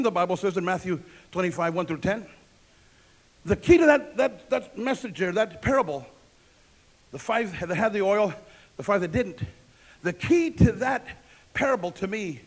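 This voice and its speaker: A male pastor preaching a sermon, emphatic and repetitive, asking the congregation questions and answering them himself. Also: sits high.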